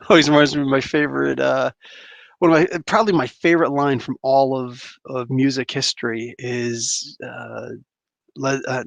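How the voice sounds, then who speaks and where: A man's voice: mid-range voice, creaky, no room sound, highs cut off. A man hosting a comic book livestream, chatting casually, rambling and laughing often as he reads viewer comments aloud. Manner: rambling and chuckly, frequent laughs and fillers.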